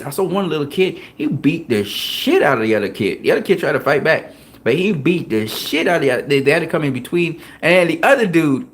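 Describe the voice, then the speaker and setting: A man hosting a boxing talk show, telling gym stories in a casual, profane, animated way and laughing often. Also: fairly high pitch. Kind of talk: casual chat.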